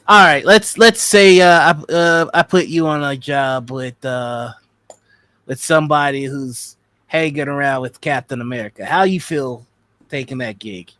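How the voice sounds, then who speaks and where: Man doing a halting, bright-voiced game master. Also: medium pitch, no echo. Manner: halting, full of restarts, swings loud when upset. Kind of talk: tabletop role-play, voicing a shop owner.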